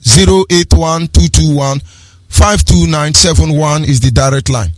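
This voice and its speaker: A man presenting live activist radio, speaking in a chanting, preacher-like way that rises to shouts. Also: fairly high pitch, a little slow, dry recording.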